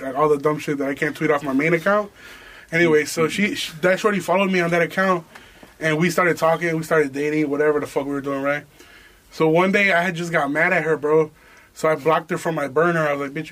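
A man's voice: a little high, fairly bright tone. A young man hosting a podcast, telling a story in a profane, slangy, laughing way. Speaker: podcast host. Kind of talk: casual storytelling chat.

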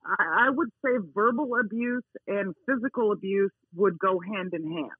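A woman's voice: mid-range voice, moderate pace, breathy edge, no room sound. Emphatic woman on a tinny phone line. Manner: emphatic, not soft-spoken, repeats key words. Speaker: dog owner interviewed as a guest. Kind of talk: casual phone interview.

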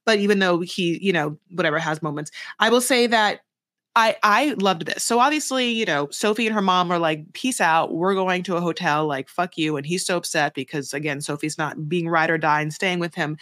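A woman's voice: fairly low pitch, a little fast, a bit bright, dry recording, studio quality. A woman co-hosting a podcast in casual chat, riffing emphatically and acting out quoted asides. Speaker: podcast co-host.

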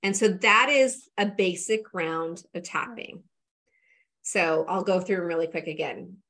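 An energy coach guest, a woman with a fairly low-pitched, unhurried and fairly bright voice, demonstrates a tapping routine. She explains each step casually, with many fillers along the way.

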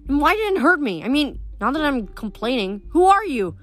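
Woman voicing a brash, fast-talking teenage girl. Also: high-pitched, big pitch swings, soft background music, voice pushed up. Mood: indignant. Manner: fast, blunt, exasperated questioning. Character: brash, chatty teenage girl, rapid-fire questioner.

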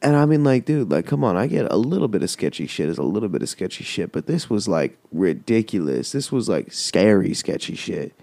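A man's voice: on the low side, sing-song, a little fast, vocal fry, hardly any pauses, dark tone, dry recording. A man hosting a podcast, telling a rambling, heavily profane story in casual chat. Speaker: podcast host.

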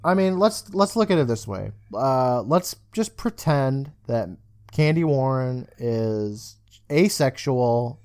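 Animated man recapping a TV episode. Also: medium pitch, slow. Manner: animated, swears often, acts out quoted lines. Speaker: podcast co-host. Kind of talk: casual chat recapping a TV episode.

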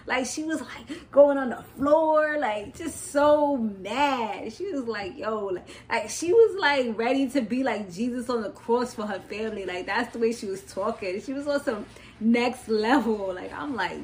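A young woman hosting a podcast, casually recapping a reality show in an animated, slangy way, laughing often and wandering into side notes. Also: on the high side, normal speed, low-quality recording. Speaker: podcast host.

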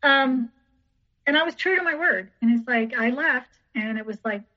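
A woman's voice: high-pitched, animated, normal speed. Woman telling her story, repeating herself. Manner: rambling, repeats herself, acts out others' lines. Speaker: podcast guest; teacher. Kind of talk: personal storytelling in an interview. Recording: dull lo-fi recording.

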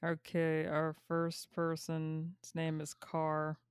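Woman, podcast co-host, deadpan, very low flat voice, crisp and dry. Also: slow pace, no echo. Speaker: podcast co-host reading listener mail. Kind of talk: casual banter with sisters.

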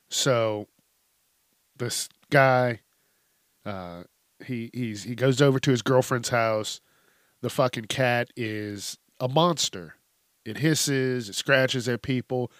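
A man's voice: mid-range voice, no echo. Profane laughing male podcast host, dry sound. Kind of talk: casual comedic storytelling.

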